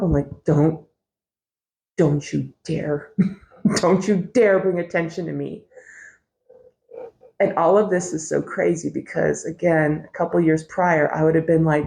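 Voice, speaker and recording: A woman's voice: lowish voice, unhurried, creaky, darkish tone. A middle-aged woman hosting a podcast, telling a personal story in a candid, wry way, swearing freely and laughing often. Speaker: podcast host.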